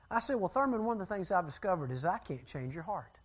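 Folksy older preacher, husky voice. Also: male voice, high-pitched, very animated, quick pace, hardly any pauses. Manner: folksy, conversational storyteller. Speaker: preacher and church consultant. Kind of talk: sermon-style teaching with storytelling.

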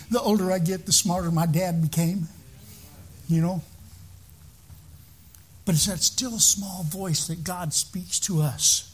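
Husky high-voiced preacher. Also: male voice. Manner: conversational preaching, repeats words and restarts phrases. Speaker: pastor. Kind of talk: sermon.

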